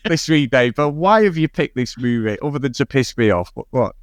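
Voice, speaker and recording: A man's voice: medium pitch, lively intonation, a little fast, clear, resonant tone, no echo, studio quality. A man co-hosting a casual film podcast, teasing his co-host and swearing freely. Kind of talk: casual chat.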